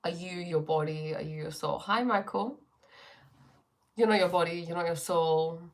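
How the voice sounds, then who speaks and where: Female host, spiritual livestream, lowish voice, reflective, sore throat, home webcam feel. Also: moderate pace. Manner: reflective, greets viewers, many fillers. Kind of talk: casual spiritual talk on a livestream. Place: her bedroom.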